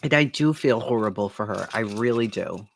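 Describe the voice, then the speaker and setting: A woman's voice: a bass voice, expressive, moderate pace, creaky, slight background noise. A woman reading court testimony aloud and reacting with incredulous, profane commentary, laughing between lines. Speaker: commentary host.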